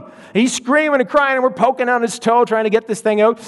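A middle-aged man preaching with a notably high voice, his points landing hard as he drags out the key phrases. The sound has the long reverb of a large church hall, with the echo trailing after each line. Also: expressive. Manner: emphatic, slowing down for key lines. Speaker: pastor. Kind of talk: sermon.

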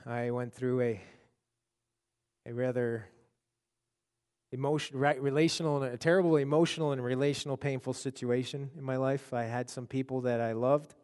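A man preaching a sermon and telling a personal story, halting and repeating words as his intensity builds. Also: mid-range voice, steady tone, a little mellow, clear, resonant tone, in a large hall. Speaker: pastor.

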